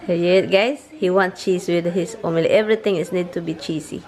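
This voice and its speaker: A woman's voice: fairly low pitch, steady tone, a little fast, reverberant, a crowd in the background. A woman with a Filipino accent chatting casually to her viewers during a breakfast vlog, switching between English and Filipino. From Philippines. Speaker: vlogger. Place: home kitchen.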